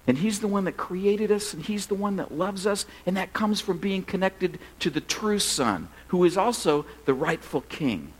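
A middle-aged man preaching as a pastor, telling funny stories in a relaxed, conversational way. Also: high voice, moderate pace, hardly any pauses, breathy edge, rough recording. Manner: conversational, humorous storytelling. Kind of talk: sermon.

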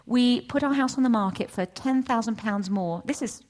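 A middle-aged woman giving a testimony at a church session, storytelling with lively acted-out dialogue. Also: moderate pace. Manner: animated storytelling, acts out voices with big pitch jumps. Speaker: church speaker. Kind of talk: testimony sermon.

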